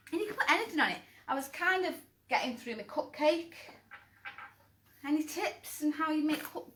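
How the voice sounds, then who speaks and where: A woman leads a live kids' craft and cooking class with a bright, forceful, fairly high voice. She is chatty and encouraging and jokes about her own poor drawing. The sound is echoey, from a reverberant indoor room. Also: a little hiss or hum. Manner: chatty, encouraging, self-deprecating, calls out children by name. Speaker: children's cooking class host.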